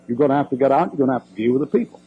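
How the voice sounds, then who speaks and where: A man's voice: mid-range voice, rapid-fire, faint music behind. An older man, a preacher answering questions in a church Q&A, folksy, blunt and emphatic with joking asides, on a muffled old cassette recording.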